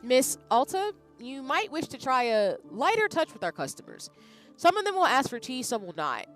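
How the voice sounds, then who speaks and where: A woman voicing a gentle, odd shopkeeper man with strange phrasing, calm and gently questioning. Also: high voice, normal speed, faint music behind, voice pushed up.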